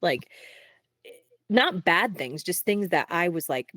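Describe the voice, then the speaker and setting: A young woman, a singer-songwriter, talking candidly in a casual interview, peppering her speech with "like" and quick laughs. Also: fairly low pitch, animated, a bit bright, no room sound, clean studio sound. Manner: frequent "like" fillers, quick laughs.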